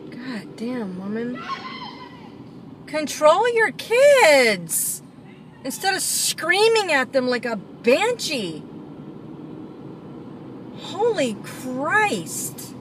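A woman's voice: high-pitched, sing-song, extremely slow. A woman driving and filming, ranting at other drivers with sarcastic, swearing mutters. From Florida. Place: inside a car on the road. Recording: car cabin with road noise.

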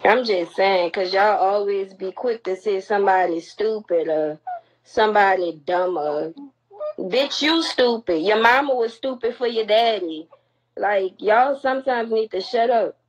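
A young woman livestreaming from her phone bluntly and confrontationally scolds the people watching. Her voice is medium in pitch and measured in pace, and the audio is lo-fi phone livestream sound.

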